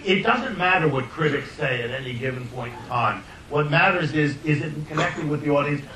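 An older man, a filmmaker, telling anecdotes in an animated way, often laughing and restarting his sentences. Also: brisk. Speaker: filmmaker guest. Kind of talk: anecdotal storytelling. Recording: roomy distant mic, faint rumble.

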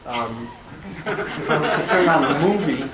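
An older man, a film director answering questions at a press conference, speaking haltingly with restarts and self-deprecation. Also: fairly high pitch, animated, over a noisy crowd. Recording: echoey room with background noise.

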